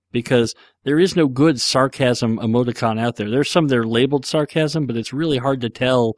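A man's voice: mid-range voice, no room sound, studio quality. A man hosting a podcast, casually answering listener questions in a rambling, joking way with lots of fillers. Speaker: podcast host.

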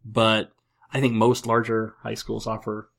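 A man's voice: lowish voice, monotone, unhurried, gravelly. A middle-aged man from upstate New York, telling rambling stories and jokes in a casual podcast chat. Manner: rambling, jokey storyteller with many restarts. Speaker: podcast host.

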